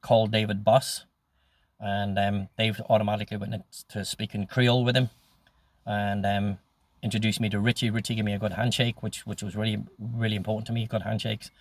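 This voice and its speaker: Older man, low voice, monotone delivery, dry close sound, rambling memoir, swears a lot. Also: a little fast, no room sound. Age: 60s. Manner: rambling, swears freely, many ums. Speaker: storyteller. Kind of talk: casual memoir storytelling.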